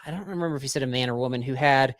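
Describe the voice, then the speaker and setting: A man co-hosting a casual podcast, telling a story with animated, playful energy. His voice sits in a middle register. The mic is close and dry, with no room sound. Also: medium pitch, very fast, no room sound. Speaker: podcast host.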